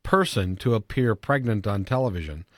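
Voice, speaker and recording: A man hosting a radio interview, eager and quick to agree with his guests, often restarting his sentences. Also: on the low side, expressive, a bit bright, no room sound. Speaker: radio show host. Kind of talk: casual interview chat.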